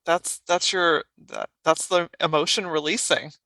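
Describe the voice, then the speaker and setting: A woman hosting a podcast interview, speaking effusively with halting restarts and repeated words. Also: lowish voice, fairly even intonation, sharp tone, no room sound. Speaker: podcast host. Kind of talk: warm conversational podcast interview.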